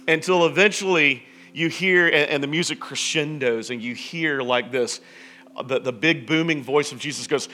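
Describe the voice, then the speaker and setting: A man preaching a sermon in a relaxed, conversational storytelling way, with frequent restarts and asides. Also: a little high, normal speed, soft background music. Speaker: pastor.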